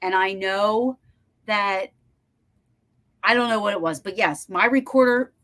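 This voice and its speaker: A woman hosting a podcast over a video call, telling a story in animated, breathless bursts with lots of restarts and some swearing. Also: medium pitch, a little slow. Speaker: podcast host. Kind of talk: casual storytelling chat.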